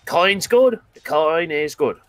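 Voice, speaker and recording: A man voicing a loud, boisterous male adventurer who talks in brash, chummy slang. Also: fairly high pitch, animated, takes it slowly, clear, resonant tone, no room sound, voice pushed up. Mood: wheedling.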